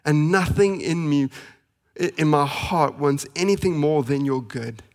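A pastor in his thirties delivers a sermon in a slightly higher-pitched voice. He sounds earnest and pleading. He lingers on key phrases and hurries through family anecdotes. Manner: earnest, pleading, with slow emphatic pauses and fast anecdotes.

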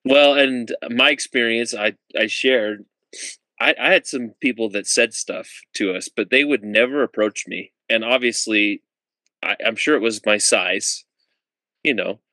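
A man's voice: mid-range voice, unhurried, pushed and bright, dry recording, low-quality recording. A man hosting a podcast interview, easygoing and reflective, laughing along with his guest. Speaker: podcast host. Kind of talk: casual interview chat.

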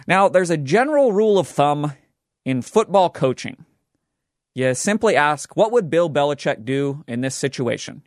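A young man hosting a sports betting show, talking in an animated, joking and emphatic way. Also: on the high side, no echo, studio quality. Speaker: sports podcast host. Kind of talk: scripted sports commentary.

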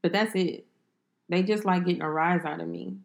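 A woman's voice: on the low side, fairly even intonation, normal speed, vocal fry. A middle-aged woman, a mother, co-hosting a casual podcast, teasing and wisecracking. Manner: teasing, wisecracking, laughs easily. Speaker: podcast co-host and parent.

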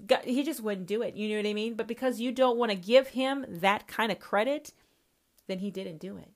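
A brisk, mid-range female voice carries this podcast monologue, which is combative and constantly profane. The host speaks right to the listener throughout.

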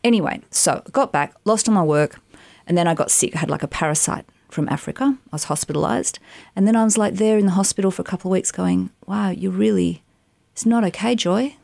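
A middle-aged woman, an actress and voiceover artist, telling animated stories in a casual interview, with rambling asides. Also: on the low side, fast, gravelly, few pauses, no echo. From Australia. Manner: animated, chatty, rambling anecdotes with many asides.

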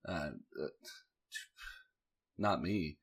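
A man's voice: rumbling low, drawn-out words, breathy edge. A man casually recapping a show with sarcastic, profane asides and offhand jokes. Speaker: video host recapping a show.

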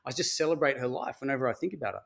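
Man, podcast guest, motivational, casual swearing, mid-pitched voice. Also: very fast, vocal fry. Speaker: podcast guest, dating coach.

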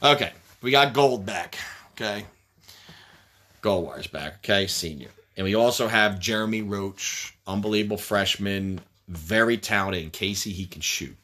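A man with a lowish voice that still comes across bright and forceful, talking in a loose, casual chat. He is blunt and swears freely. He breaks into short, choppy fragments as he runs through basketball news. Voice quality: blunt, profane, talks in quick fragments.

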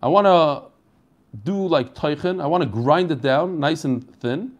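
A man's voice: on the high side, measured pace, muffled recording. A man teaching an online Talmud class in a casual, chatty way, asking questions and answering them himself.

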